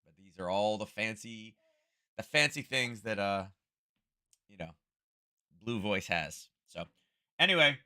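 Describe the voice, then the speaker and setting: Male stream host, slightly hoarse, casual rambling delivery, close-miked at home. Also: lowish voice, animated, a little slow, long pauses, bright, forceful tone. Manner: rambling, thinking aloud, chuckling asides. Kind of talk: casual livestream chat. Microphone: close-up desk microphone.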